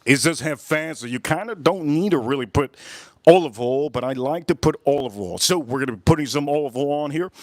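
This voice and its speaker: A man's voice: a little high, expressive, a little fast, dry recording, studio quality. Rambling, profane middle-aged man. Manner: rambling, profane, repeats himself. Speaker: cooking livestream host. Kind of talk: casual live cooking chat and storytelling.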